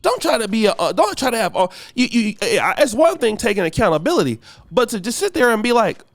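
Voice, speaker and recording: A man from the United States hosting a podcast, delivering a ranting commentary monologue in a preachy, emphatic way that swings from shouting to muttering. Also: high-pitched, sing-song, fast talker, dry recording. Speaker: podcast host.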